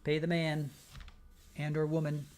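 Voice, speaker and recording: Hosting a live stream, a man reads viewer comments in a slightly high, a little mellow voice with a completely flat, unhurried delivery. Even so, he jokes, teases, and laughs often.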